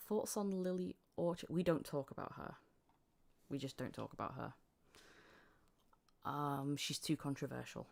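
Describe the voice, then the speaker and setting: Woman, livestream host, reads chat questions, low voice, vocal fry. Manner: relaxed, reads out viewer questions with fillers.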